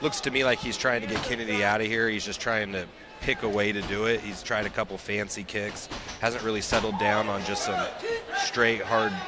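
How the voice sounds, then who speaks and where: A man breaks down a fight as color commentator in an easygoing, chatty way, with the odd "uh" and repeat. His voice sits on the low side. Clear background noise runs under the recording. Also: normal speed, a crowd in the background. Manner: relaxed analysis with fillers.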